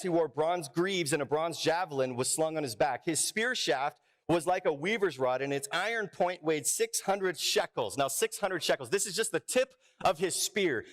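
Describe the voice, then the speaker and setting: Male pastor, fairly high voice, playful sermon with live crowd work and running jokes. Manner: playful, jokey, lots of restarts and asides. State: out of breath. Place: church sanctuary.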